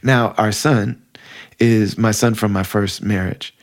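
A middle-aged man with a low, gravelly voice tells a personal story. He speaks in a casual, heartfelt way and fills his sentences with conversational asides. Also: steady tone, slow pace. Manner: heartfelt, conversational, many fillers. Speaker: podcast guest telling a story.

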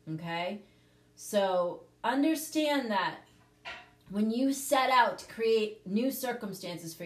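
A woman's voice: mid-range voice, echoey room. A woman hosting a casual talk, coaching her listeners earnestly and checking in with "okay?" as she teaches. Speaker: host, prosperity teacher. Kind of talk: casual livestream teaching chat.

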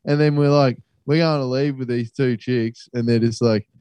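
A man's voice: medium pitch, steady tone, normal speed, warm tone, dry recording. Young aussie guy, sweary laid-back chat, dry close mic. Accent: Australian. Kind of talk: casual chat.

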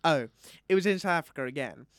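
A young man co-hosting a casual podcast chat, telling animated stories and breaking into loud comic impressions. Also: on the high side, quick pace, dry recording, studio quality. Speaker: podcast co-host. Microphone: studio microphone.

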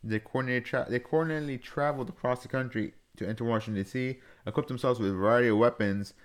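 A man's voice: mid-range voice, quick pace. A young man co-hosting a casual podcast, reading news aloud with jokey asides. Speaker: podcast co-host.

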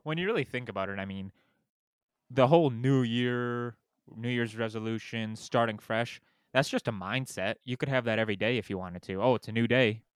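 A man's voice: mid-range voice, moderate pace, smooth, no echo. A young man hosting a podcast in casual chat. He rambles and fills his talk with "like". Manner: rambling, lots of "like". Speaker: podcast host.

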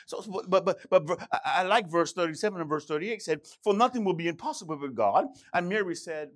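A man's voice: on the high side, normal speed. A man preaching a sermon, emphatic and repeating key phrases, with stammering restarts. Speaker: pastor.

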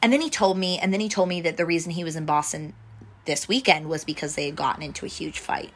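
A woman's voice: deep voice, fast talker. A young woman telling a story in a casual chat, full of "like" and acting out what people said. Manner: chatty, full of "like" fillers, acts out quoted lines.

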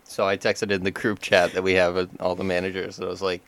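A young man telling a work story in casual chat, rambling and animated, with lots of fillers. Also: low voice, fast, clean tone. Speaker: store manager.

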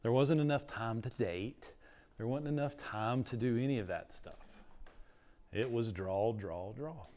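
A man's voice: medium pitch, a little slow, warm tone. A middle-aged man, teaching a class in a casual, rambling lecture full of stories. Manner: chatty, storytelling, uses "like" a lot.

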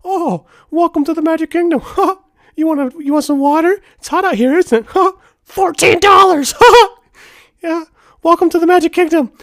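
Brief: crude cartoon mouse, squeaky falsetto, shakes people down. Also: male voice, moderate pace, a bit bright, dry recording, clean studio sound. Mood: mocking. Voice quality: very high squeaky falsetto, giggly "huh?". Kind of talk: comic impression in a podcast.

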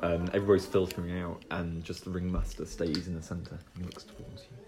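A man narrating as game master of a tabletop role-playing game, in a relaxed, chatty way. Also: deep voice, fairly quick, a crowd in the background.

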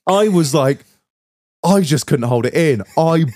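A man's voice: on the high side, expressive, a little slow, a little mellow, no room sound. A young man, a podcast host telling a story in casual chat, swearing and laughing his way through it.

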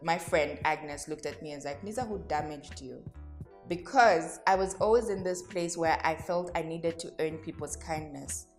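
A woman's voice: deep voice, moderate pace, hardly any pauses, soft background music. A woman hosting a solo podcast, speaking candidly and reflectively to her listeners, addressing them directly and laughing at herself. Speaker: podcast host.

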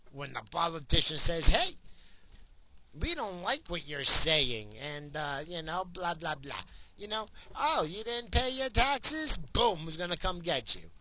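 A man's voice: a little high, bright, forceful tone, rough recording. Profane ranting man in his forties. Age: 40s. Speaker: podcast host. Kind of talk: casual rant monologue.

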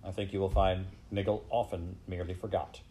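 A stern official speaks with cold disapproval, voiced by a man reading an audiobook. His voice is deep and dark, and he weighs every fault. The tone stays severe throughout. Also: level tone, fairly quick, a little hiss or hum, lightly acted. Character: severe stern male official judging a case.

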